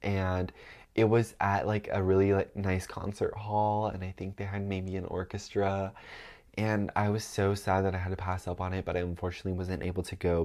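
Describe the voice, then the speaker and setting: Low-voiced young man, chatty and rambling. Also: a little mellow. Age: young adult. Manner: chatty, rambling, many ums and likes. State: stuffed up. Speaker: vlogger. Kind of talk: casual chat.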